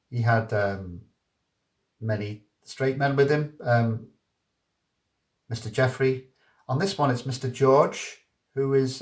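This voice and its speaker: A man talks through records at an easy pace, pausing on ums and restarting his sentences, warmly keen on what he shows. His voice sits at an ordinary middle pitch and carries a roomy echo from the indoor space around him. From Liverpool, England. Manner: unhurried, hesitant, with frequent ums and restarts; gently enthusiastic. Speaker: vinyl record reviewer. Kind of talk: casual video record review.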